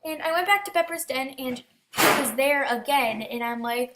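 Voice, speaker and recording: Chatty teen girl, high voice. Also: moderate pace, heavy background noise. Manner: chatty, lots of "like" and restarts. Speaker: gaming storyteller. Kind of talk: casual storytelling.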